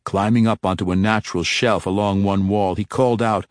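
A man narrating a fantasy audiobook in a measured, steady storytelling manner on a close mic. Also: lowish voice, dry recording.

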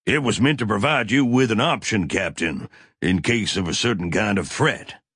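Smug smooth male officer, measured, dismissive, low husky voice, played by a man. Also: animated, fairly bright tone, dry recording, clean studio sound.

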